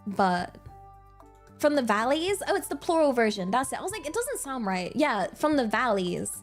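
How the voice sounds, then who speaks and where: Bubbly young Englishwoman streamer, lively pitch. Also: moderate pace, soft background music. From England. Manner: bubbly, excitable, giggly. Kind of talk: casual livestream chat.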